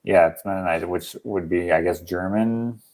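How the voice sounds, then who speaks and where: A man's voice: low voice, normal speed, a little mellow. A young man from Canada hosting a casual livestream, joking around and reading viewer comments aloud. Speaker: livestream host.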